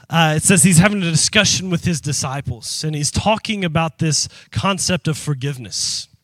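Bright-voiced, high-pitched preaching man. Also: dry recording. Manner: animated call-and-response preaching; emphatic, breaks into shouting. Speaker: pastor. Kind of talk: sermon. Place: church sanctuary with congregation.

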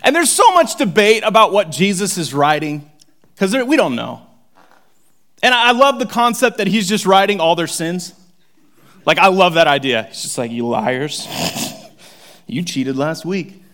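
A young man with a high voice delivers a casual, storytelling sermon. He ranges from bursts of loud, quick excitement to soft, whispered reflection. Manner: animated, swings from loud excited to hushed whisper. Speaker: pastor.

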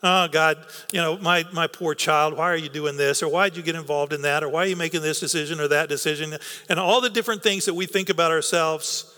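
A man's voice: fairly high pitch, fairly even intonation, quick pace, few pauses, sharp tone. Earnest man preaching in a reverberant hall. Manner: earnest, repeats words for emphasis, coaxing. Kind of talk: sermon.

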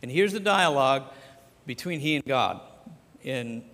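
Conversational pastor preaching in a reverberant hall. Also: male voice, mid-range voice, expressive, unhurried, fairly bright tone. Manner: conversational, acts out the scripture dialogue. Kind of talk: sermon.

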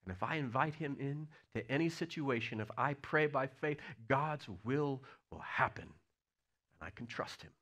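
Man, pastor, sermon, lively sing-song delivery, loud and soft swings. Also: mid-range voice, a little slow. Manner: animated storytelling preacher, swings between loud and hushed.

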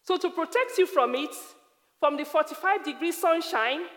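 A woman voicing God speaking patiently to a prophet, in a calm explaining way. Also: very high-pitched, moderate pace. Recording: long hall reverb.

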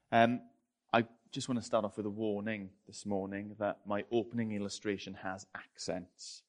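A British man preaching a sermon and telling a story in a chatty, self-deprecating way. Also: medium pitch.

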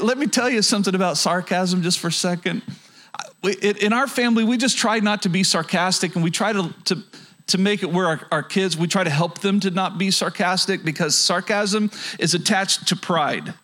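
A male pastor with a noticeably high voice delivers a sermon. He talks earnestly and often stumbles into restarts. He keeps turning to the audience with rhetorical questions. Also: normal speed, a bit bright. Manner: frequent stammered restarts.

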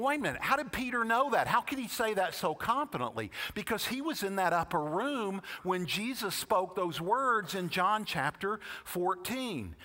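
A man preaching a sermon, emphatic, with rhetorical questions and dramatic slow-downs, recorded in a large church hall. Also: high voice, bright, forceful tone. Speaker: pastor.

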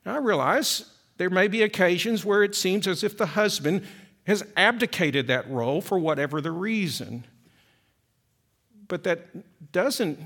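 A man preaching from the pulpit with a high, lively voice that swoops up and down. He presses his points with rhetorical questions and sinks to a near-whisper to land key phrases. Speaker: pastor. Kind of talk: sermon.

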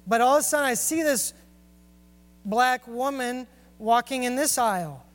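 Earnest preacher in a reverberant hall. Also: male voice, extremely high pitch, fairly bright tone, clear, resonant tone. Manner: earnest, confessional, storytelling. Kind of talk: sermon.

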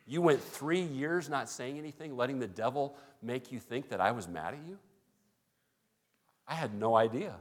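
A man's voice: mid-range voice, animated, normal speed. A male pastor preaching a sermon in a conversational way, acting out little everyday dialogues.

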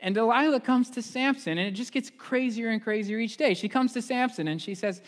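A male pastor preaching a sermon in a church, retelling a story in casual, animated style with fillers. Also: very high voice, brisk, few pauses, in a large hall.

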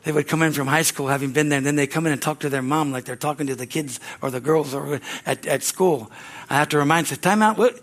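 Older male pastor, folksy conversational sermon delivery, light chuckles, slightly high voice. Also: steady tone, quick pace, fairly bright tone. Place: church sanctuary.

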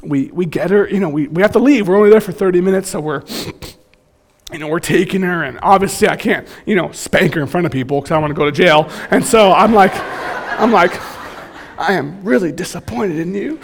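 A man in his thirties preaching a sermon, telling stories in an animated, joking way. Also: high voice, fast talker. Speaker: pastor.

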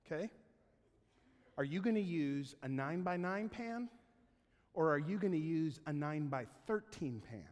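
A man's voice: fairly high pitch, lively intonation, moderate pace, long pauses, darkish tone. A male pastor giving a sermon in a conversational, humorous way, often checking in with his listeners through tag questions. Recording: long hall reverb.

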